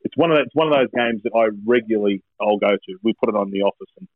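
A relaxed Australian man with a medium voice, co-hosting over a video call. He chuckles often. His audio is dry and a little dull. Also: lowish voice, rapid-fire, dry recording. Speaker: podcast co-host. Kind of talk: casual chat.

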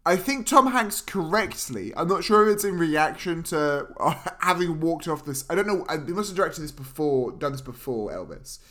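A man's voice: fairly high pitch, lively intonation, moderate pace, hardly any pauses, sharp tone. A man co-hosting a casual film review podcast, recapping the plot in a playful, mock-dramatic way. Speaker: podcast co-host.

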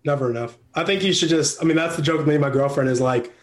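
A man's voice: fairly high pitch, fast. Rambling young man, easy casual talk. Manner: rambling, filler-heavy, laughs often. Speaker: guest. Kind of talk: casual interview chat.

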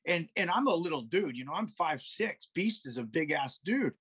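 A man in casual podcast chat, telling animated stories full of swearing and acted-out quotes. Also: a little high, moderate pace, husky. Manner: animated storyteller, swears a lot, acts out quotes.

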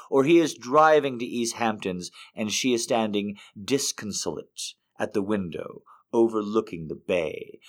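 Man reading poems aloud, expressive and musical. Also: fairly low pitch. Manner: expressive reader, swings between lifted and hushed phrases. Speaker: host. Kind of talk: poetry reading.

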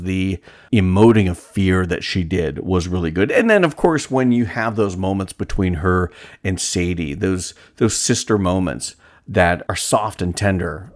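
A man casually reviewing a horror film, rambling through personal anecdotes with frequent restarts. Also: deep voice. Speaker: movie reviewer.

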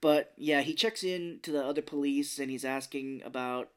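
A man in casual conversation, co-hosting a movie podcast. He rambles through the plot with frequent laughter. Now and then he slips into a gruff, whispered impression of the characters. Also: a little high, moderate pace. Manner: chatty, laughs often, acts out quotes in a gruff whisper. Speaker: podcast co-host. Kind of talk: casual movie recap chat.

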